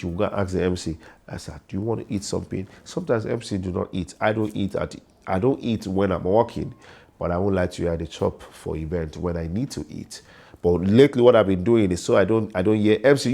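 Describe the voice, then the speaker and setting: A man's voice: on the low side, gravelly, mellow. A middle-aged man, an MC and comedian giving informal, repetitive career advice full of sayings. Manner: informal, repetitive, preachy with proverbs. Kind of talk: casual advice monologue.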